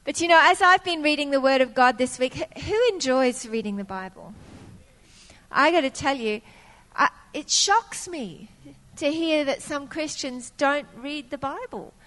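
High-voiced woman preaching in a reverberant hall. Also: expressive, a little slow, a bit bright. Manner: storytelling with acted-out quotes of her younger self. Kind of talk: sermon.

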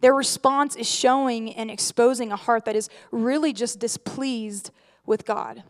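High-voiced woman preaching conversationally. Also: a little slow. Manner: conversational, animated preaching with rhetorical questions. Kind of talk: sermon.

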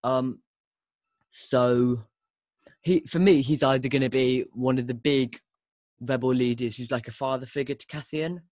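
A man's voice: mid-range voice, fairly even intonation, measured pace, pauses often, darkish tone, no room sound. A man hosting a casual podcast chat, talking enthusiastically and restarting often. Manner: enthusiastic, rambling, with frequent restarts. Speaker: podcast host.

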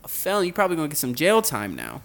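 A man's voice: very fast, gravelly, soft background music. A man in casual chat, animatedly retelling a story and acting out the voices of the people in it. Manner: animated storyteller, acts out voices with big pitch jumps.

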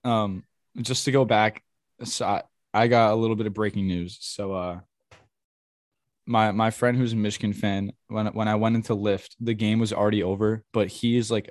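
Young guy cohosting a sports pod, kinda low voice, dry sound, swears a lot, gets fired up. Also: no room sound. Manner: excitable, profane storyteller. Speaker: podcast co-host. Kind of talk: casual sports chat.

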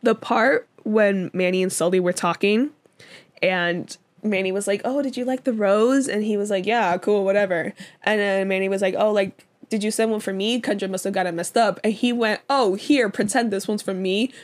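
A young woman co-hosting a podcast in casual chat, talking loosely with many fillers and quick laughs. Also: medium pitch, fairly even intonation. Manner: chatty, lots of fillers and laughs. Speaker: podcast co-host.

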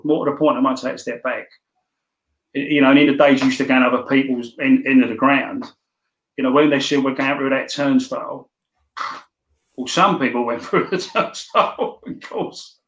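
A man's voice: medium pitch, fairly bright tone, reverberant, lo-fi sound. A man in his sixties with a London accent, telling rambling, anecdotal stories as an interview guest. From London, England. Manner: rambling, anecdotal, many restarts. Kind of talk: casual storytelling.

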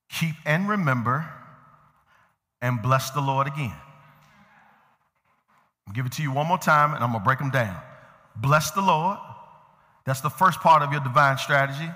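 A male pastor preaching a sermon, moving from easy conversational talk to shouted emphasis and calling out to members of the congregation by name. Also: a little high. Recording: long reverb of a large hall.

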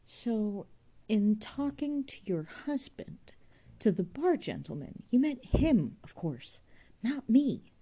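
A woman's voice: on the high side, very animated, slow, dark tone, slight background noise, pitched above the performer's own voice, exaggerated voice. A woman reading aloud voices a weary, bitter young man who speaks in a tense, clipped way.

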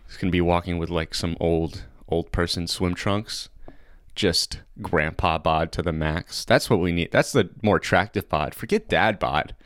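Deep-voiced excitable podcast guy. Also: normal speed, dry recording, clean studio sound. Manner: chatty and excitable, laughs often, fillers. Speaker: podcast host. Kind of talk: casual comedic podcast chat.

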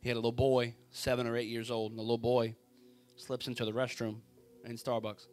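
A man preaching a sermon, telling a story with drama and swinging from a hushed voice to a shout. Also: medium pitch, flat delivery, brisk, faint music behind. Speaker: pastor.

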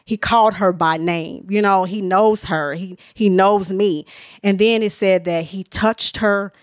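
A woman tells her faith story on a podcast, earnest and open and often close to tears. She talks in loose, conversational bursts full of restarts and "you know." Her voice sits at a middle pitch and sounds dry and close to the mic. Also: fairly even intonation, unhurried, no echo. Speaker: author and minister, podcast guest. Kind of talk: candid personal testimony in conversation.

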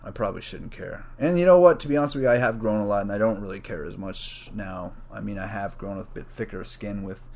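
A man's voice: lowish voice, brisk, gravelly, few pauses. Rambling, profane young man podcasting. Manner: rambling, profane, animated, mimics others in a raised voice. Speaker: podcast host. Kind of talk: casual solo podcast monologue.

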